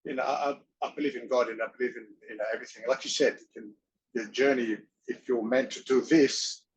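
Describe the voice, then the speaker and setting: A man at an ordinary middle pitch who tells his stories in an excitable, rambling way. His grammar is loose, he acts out other people's lines, and he swears now and then. A faint noise sits behind him. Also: brisk, rough recording. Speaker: interview guest, former wrestler and actor. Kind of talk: casual storytelling.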